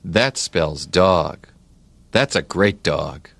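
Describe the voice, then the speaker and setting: A man's voice: low-pitched, expressive, very slow, gravelly, fairly bright tone. A middle-aged man reading a children's read-along book, spelling words letter by letter and making playful animal sounds.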